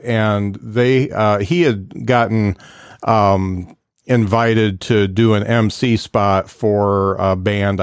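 Male host, lowish voice, reflective mentor, dry sound. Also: no echo. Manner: reflective, advice-giving. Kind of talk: casual interview.

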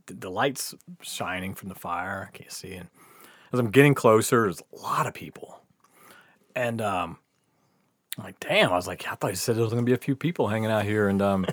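A man's voice: on the low side, no echo, studio quality. A man casually telling a long, funny story, laughing often, swearing, and acting out what people said. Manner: animated, laughing, swears often, acts out quotes. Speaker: podcast guest storyteller.

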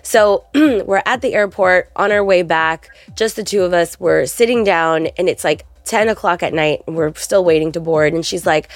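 A woman co-hosting a podcast, telling a long story in animated casual chat with plenty of fillers. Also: mid-range voice, normal speed, gravelly, faint music behind. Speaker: podcast co-host.

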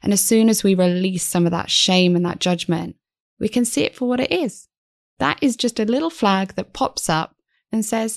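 A woman's voice: medium pitch, moderate pace, creaky, no echo, studio quality. A woman in her thirties, speaking earnestly and reflectively as a podcast guest. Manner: earnest, reflective, acts out inner voices. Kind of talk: conversational interview.

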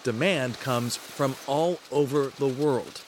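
A man narrating a news feature in a measured scripted voice-over. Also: mid-range voice, a little hiss or hum. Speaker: news reporter.

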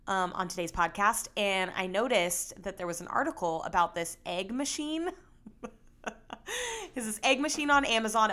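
Bright, chatty young woman podcaster. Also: medium pitch. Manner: chatty, rambling, animated with bursts of emphasis. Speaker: podcast host. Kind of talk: casual solo podcast chat.

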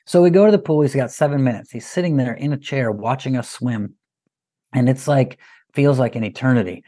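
A man in his thirties, a father talking as a guest, telling stories in a lively, casual way. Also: medium pitch, a little fast. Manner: animated, lively storyteller. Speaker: parent sharing advice as a podcast guest. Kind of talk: casual conversational storytelling.

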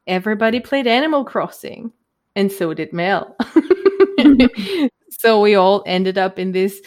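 A woman with a German accent co-hosting a podcast, chatting casually with lots of laughs and ums. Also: medium pitch. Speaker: podcast co-host. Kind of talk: casual chat.

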